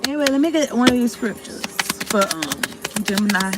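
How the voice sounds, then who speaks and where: A woman's voice: a little high, animated, normal speed, heavy background noise. A woman giving a casual tarot reading to her viewers, rambling, cutting herself off mid-thought and talking in slang with some swearing. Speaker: tarot card reader.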